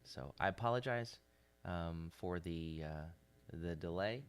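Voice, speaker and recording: A man, a rabbi, giving a livestreamed daily Bible teaching, halting with fillers and then pressing hard on the scripture. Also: low voice, clear, resonant tone. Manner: halting with many fillers, rising to forceful emphasis on scripture. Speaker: rabbi leading a daily devotional.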